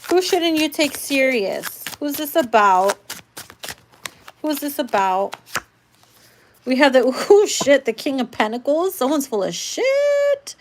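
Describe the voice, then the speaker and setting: A woman giving a casual live tarot reading, talking bluntly and swearing freely. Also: high voice. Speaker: tarot reader.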